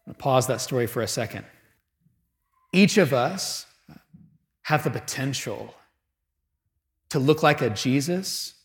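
A man preaching a sermon, telling a story with dramatic pauses and moving between loud and hushed delivery. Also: mid-range voice, reverberant.

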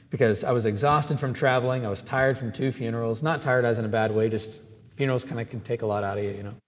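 Chatty priest in a reverberant hall. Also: male voice, medium pitch. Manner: animated, chatty, asides to congregation. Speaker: Catholic priest. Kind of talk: storytelling sermon.

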